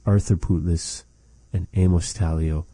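A man with a low, dark, steady voice teaches language phrases in a slow, patient lesson, repeating them for practice. There is no echo.

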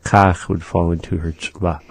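A middle-aged man teaching a language in a relaxed chat, patiently repeating words to demonstrate their sounds. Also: low-pitched, normal speed, vocal fry, husky, no room sound.

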